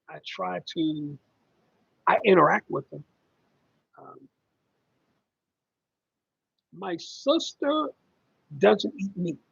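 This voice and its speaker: A man's voice: high voice, gravelly, a bit bright, breathy edge, no echo, muffled recording. A middle-aged man hosting a casual livestream about caregiving, rambling and conversational with lots of ums as he reads viewer comments.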